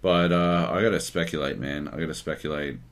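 Very deep-voiced podcast co-host. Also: male voice, fairly even intonation, a little fast. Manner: laid-back, short replies and asides. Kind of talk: casual chat.

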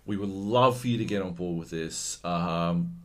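A man's voice: sits low, a little slow, a bit bright. A man with an Australian accent putting on the voice of over-eager male film studio executives as he jokes. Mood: pleading.

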